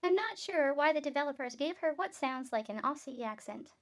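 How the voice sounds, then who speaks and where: A woman's voice: high-pitched, expressive, a little fast. A woman streamer giving casual gameplay commentary in a chatty, explanatory way.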